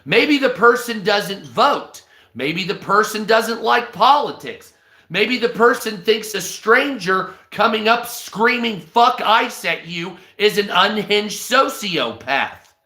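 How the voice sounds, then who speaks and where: A man's voice: high-pitched, expressive, slow, bright, forceful tone. A man on a livestream, delivering a crude, heavily profane rant and thanking viewers mid-sentence. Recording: echoey room.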